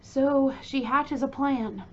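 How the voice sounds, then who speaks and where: A woman's voice: sits high, steady tone, slow pace, a little mellow, slight background noise. A woman casually retelling a true crime case in blunt, informal language, on a dull lo-fi recording. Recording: dull lo-fi recording with faint ambience.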